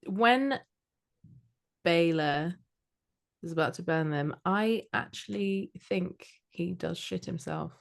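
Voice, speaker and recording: A woman's voice: on the low side, slow pace, gravelly. A British woman co-hosting a podcast, chatting in a rambling, jokey way. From Britain. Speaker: podcast co-host. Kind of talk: casual chat.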